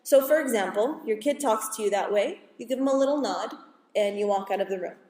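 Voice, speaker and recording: A woman school psychologist giving a calm, explanatory parenting talk to an audience, now and then acting out what parents and kids say. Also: on the high side, a little fast, slight background noise. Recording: echoey hall from far off.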